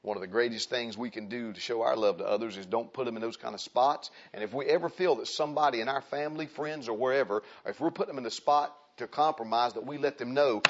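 A male preacher delivering a sermon, dropping to quiet asides and rising to loud, high exhortation. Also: fast, few pauses, muffled recording.

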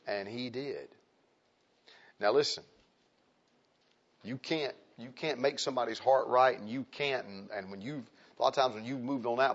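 A male preacher delivering a sermon, dropping to quiet asides and rising to loud, high exhortation. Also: normal speed, long pauses, dull audio.

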